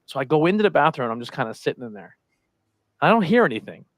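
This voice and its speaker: A man's voice: a little high, fast, dry recording. Dry-voiced man telling a story. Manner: animated storyteller who acts out quoted voices. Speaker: podcast co-host. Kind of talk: casual storytelling chat.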